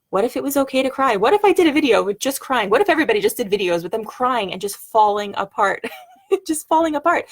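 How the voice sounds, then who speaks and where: Woman, middle-aged, gravelly edge, rambling reflective vlog, soft searching delivery. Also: medium pitch. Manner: rambling, searching, many fillers and restarts; soft, heartfelt, wondering what-if questions. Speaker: vlogger. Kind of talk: personal reflective monologue to camera.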